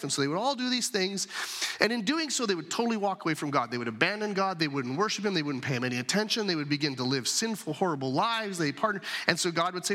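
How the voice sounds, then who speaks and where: A man gives a sermon in a relaxed, chatty manner, breaking into quoted voices as he tells the story. His voice sits a little high for a man. A long reverb trails off behind him, the sound of a large church hall. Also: fast talker. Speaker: pastor.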